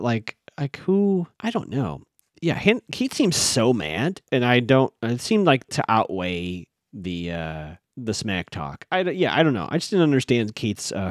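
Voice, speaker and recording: A man hosting a podcast recaps a TV episode in a loose, chatty way, with his pitch swinging up and down a lot. He thinks aloud, stops to restart, and fills the gaps with "uh" and "like". The sound is close and dry, with no room echo.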